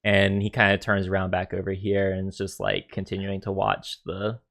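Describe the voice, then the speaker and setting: A man's voice: deep voice, fairly even intonation, normal speed, creaky, fairly bright tone. A man runs a tabletop game for his friends, narrating in a loose, easygoing way. He fills his talk with ums and likes, and he swears freely. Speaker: dungeon master.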